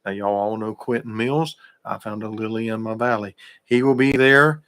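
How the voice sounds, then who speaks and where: A man's voice: on the low side, steady tone, moderate pace, fairly bright tone. A middle-aged man, hosting a radio show in a casual, folksy way and greeting listeners in the chat by name.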